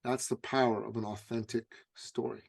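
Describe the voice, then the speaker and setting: A middle-aged man recounting a personal story as an interview guest, at a middling pitch. He tells it vividly, often stumbling over repeated starts before pressing on. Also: little pitch movement, moderate pace, gravelly. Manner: vivid anecdotal telling with repeated stammered starts.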